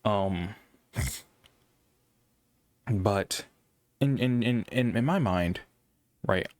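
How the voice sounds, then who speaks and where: A young man with a low, monotone voice rambles through a casual monologue about gaming. He stumbles and restarts often, and the sound is close and dry. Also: no room sound. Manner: rambling, halting with many restarts. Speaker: gaming commentator.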